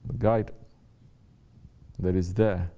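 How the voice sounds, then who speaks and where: The man's low voice is slow with fairly even intonation, and the highs sound cut off. In his role as a Sufi teacher, he gives a spiritual talk to his students, repeating himself and often checking in with brief rhetorical questions to the room.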